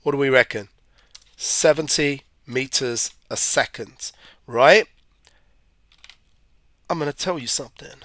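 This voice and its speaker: A man's voice: mid-range voice, unhurried, long pauses, a bit bright, dry recording. Chatty man teaching physics. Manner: chatty, rambling, asides to viewers. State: hay fever. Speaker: physics tutor. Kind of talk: live-stream exam revision lesson.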